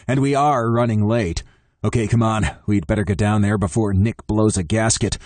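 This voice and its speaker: Man, audiobook narrator, lower voice, wry conversational tone, dry close studio sound. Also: darkish tone, no room sound. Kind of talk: first-person romance narration.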